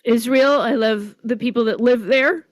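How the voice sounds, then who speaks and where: A woman's voice: a little high, normal speed, no echo, studio quality. A woman guest on a political podcast, talking emotionally and with strong profanity. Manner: emotional, profane, tearful storytelling. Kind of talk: casual political chat.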